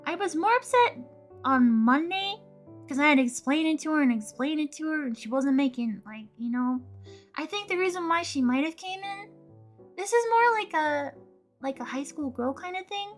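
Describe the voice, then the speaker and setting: A woman's voice: high voice, moderate pace, soft background music. A young woman chatting casually as a streamer, telling a story with lots of laughter and acted-out quotes. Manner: animated, laughs often, acts out quotes.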